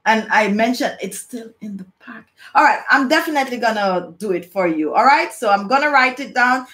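A woman's voice: on the high side, a bit bright. A woman from Jamaica, hosting a casual beauty live chat from home, chatty, often saying "no joke" and "okay?" as she talks. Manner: chatty, repeats "no joke" and "okay?", reads viewer comments aloud.

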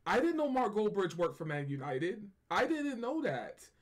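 A man's voice: high-pitched, sing-song, normal speed. A man hosting a fan channel, giving loose, casual reaction commentary and repeating himself as he talks.

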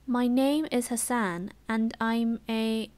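A woman with a British English accent voicing an earnest, worried male cheese seller in a soft storybook reading, in whispered role-play. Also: on the high side, steady tone, slow. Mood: mild. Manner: plain, fretful.

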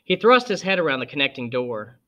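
Man reading a novel aloud, bright tone. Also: medium pitch, very animated, fairly quick. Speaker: audiobook reader. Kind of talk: scripted narration.

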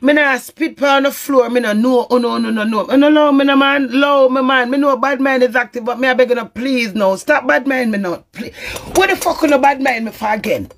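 A woman's voice: sits high, a little fast. A Jamaican woman in an emotional live-stream rant, pleading and emphatic and swearing often. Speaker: social media personality.

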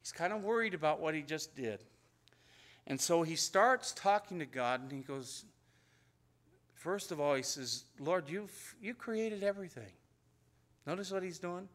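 A man's voice: a little high, expressive, a little slow, long pauses, fairly bright tone. Conversational man preaching a sermon. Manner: conversational, repeats words, acts out quoted prayers. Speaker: pastor. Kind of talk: expository sermon. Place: church sanctuary.

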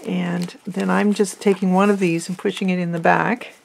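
A woman hosting a craft video, talking softly and fondly through a flip-through while losing her voice. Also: fairly low pitch, flat delivery, moderate pace, creaky, slight background noise. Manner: soft-spoken, fond, often drops to a near whisper. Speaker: crafting channel host. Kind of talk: casual journal flip-through.

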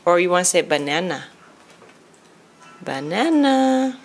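A woman's voice: a little high, animated, measured pace, a bit bright, faint music behind. A young woman filming her baby at home, coaxing her to talk in a sing-song voice and often laughing.

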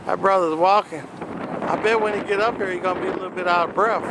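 A man's voice: high voice, steady tone, fast talker. A man filming his family outside a restaurant, chatting casually and chuckling often as he narrates. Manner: chuckles often, easygoing drawl. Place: outdoors on a town street by a restaurant. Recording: street noise and wind outdoors.

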